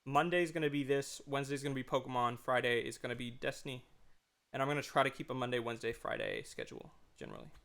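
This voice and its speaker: Young male streamer, live game commentary, bright, forceful voice, jittery and profane. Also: mid-range voice, quick pace, vocal fry. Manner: excitable, nervous, swears a lot.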